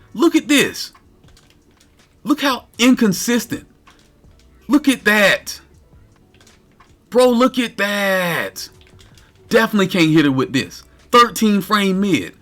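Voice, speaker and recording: Man, high voice, wildly swinging pitch, cursing, exasperated game rant. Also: slow pace, pauses often, faint music behind. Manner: animated, incredulous, cursing. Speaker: streamer. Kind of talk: ranting game commentary.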